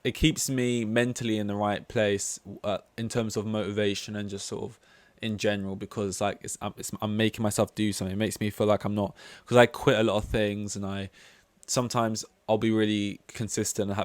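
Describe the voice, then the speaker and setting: Rambling man, lowish voice. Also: dry recording. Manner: rambling, candid and self-deprecating. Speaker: podcast host. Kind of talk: casual solo podcast monologue.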